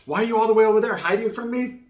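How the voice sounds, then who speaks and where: A man's voice: sits high, rapid-fire, voice pushed up, lightly acted. A man voicing a brash, pushy young woman stalker who talks tough and slangy. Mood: accusing. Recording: roomy echo.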